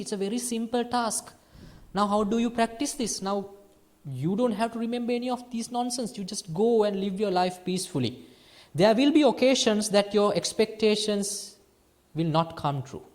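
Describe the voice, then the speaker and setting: A Sri man, a Buddhist monk giving a lively dharma talk to a small group, moving between hushed and emphatic phrasing with playful laughter. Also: high voice, moderate pace. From Sri Lanka. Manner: lively teaching, swings between soft and emphatic.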